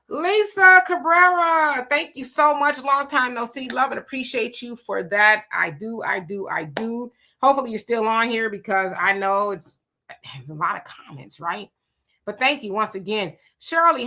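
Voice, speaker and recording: Bright-voiced woman hosting a live chat. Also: mid-range voice. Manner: greets viewers by name and reacts to comments conversationally. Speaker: livestream host reading viewer comments. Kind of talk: casual live-stream chat.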